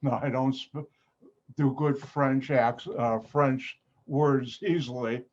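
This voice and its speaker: A man with a Chicago accent teaching an online chemistry lab, joking with the class and breaking into sudden high exclamations. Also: steady tone, slow. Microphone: video call. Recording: slightly dull video call audio.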